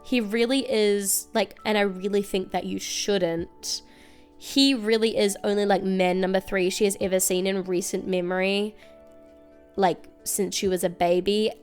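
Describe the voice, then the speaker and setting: A young woman hosting a casual, comedic recap, chatty and wry with quick asides. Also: medium pitch, fairly even intonation, clear, resonant tone, soft background music. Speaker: video essay host.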